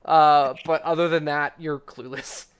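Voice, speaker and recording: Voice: mid-range voice, fairly even intonation, measured pace. A game master narrating a tabletop game casually, laughing often between filler words.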